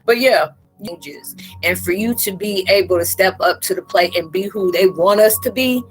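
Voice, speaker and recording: A woman hosting a casual spiritual live chat from her room, animated and talkative, often acting out quoted voices and laughing. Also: mid-range voice, moderate pace, faint music behind, rough recording.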